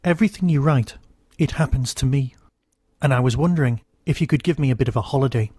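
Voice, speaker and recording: A man's voice: mid-range voice, quick pace, mellow, slightly rough, no echo, studio quality, close to an everyday voice. A man doing a pleading alien time traveller. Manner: earnest, pleading.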